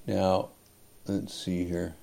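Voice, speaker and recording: Slow, deliberate male preacher. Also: deep voice, monotone, dark tone. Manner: slow, deliberate, emphatic with frequent throat clearing. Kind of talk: expository sermon.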